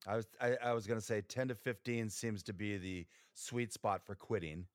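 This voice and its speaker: Relaxed joking male podcast co-host. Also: lowish voice, moderate pace, dry recording, clean studio sound. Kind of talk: casual podcast chat.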